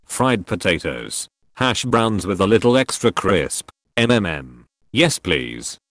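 Male narrator, low and animated, reads forum posts as scripted narration, faint music under. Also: takes it slowly, no room sound. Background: faint background music.

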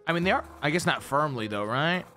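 Man streaming a game, high bright voice, swooping and lively, swearing a lot, slangy, faint music behind. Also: fairly quick. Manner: excitable, profane, slangy banter. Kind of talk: live gameplay reaction.

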